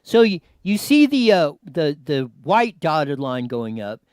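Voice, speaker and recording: A man's voice: fairly high pitch, takes it slowly, clean tone, no room sound. A man hosting a news show, commenting on a clip and giving cues to his producer. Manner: animated, talks to his producer, many restarts.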